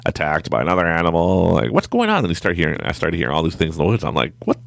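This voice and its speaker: A man telling a story in a casual, animated way, laughing often and acting out his own thoughts in different voices. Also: sits low, quick pace, vocal fry, no echo. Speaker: podcast guest.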